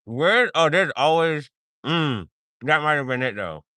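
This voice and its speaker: A man's voice: on the high side, expressive, a little slow, sharp tone, clear, resonant tone, dry recording. A man hosting a podcast in casual chat, playful and laughing often as he jokingly sounds out foreign words. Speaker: podcast host.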